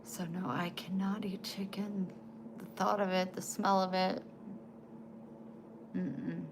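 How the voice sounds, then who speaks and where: A woman in her forties chatting casually to camera, emotional and halting, often trailing off and starting again. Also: on the low side, level tone, noisy background. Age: 40s. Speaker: vlogger.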